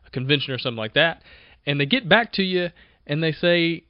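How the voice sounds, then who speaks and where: A man hosting a podcast, talking in an energetic, conversational way and often repeating himself as he goes. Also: on the high side, fairly quick, dry recording, dull audio. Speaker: podcast host. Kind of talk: casual motivational monologue.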